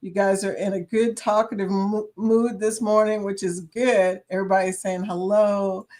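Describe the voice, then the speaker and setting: A woman's voice: mid-range voice, level tone, moderate pace, a little mellow. A woman hosting a casual live-stream chat, talking to viewers by name and laughing often. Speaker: livestream chat host.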